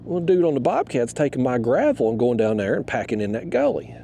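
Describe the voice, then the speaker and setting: A man in middle age talks outdoors on the water, his voice dark and mellow with a gravelly rasp. He tells a story in a loose, fired-up way, his pitch leaping around. A faint hiss sits under the camera mic. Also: big pitch swings, fairly quick. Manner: rambling, fired-up, swears freely. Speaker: fishing vlogger.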